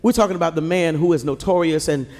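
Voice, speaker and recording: A male pastor preaching a sermon from the pulpit, building to shouts and calling on the congregation to answer him. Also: on the high side, quick pace. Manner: preaching with rising shouts and call-and-response to the congregation. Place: large church sanctuary. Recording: live church recording with long hall reverb.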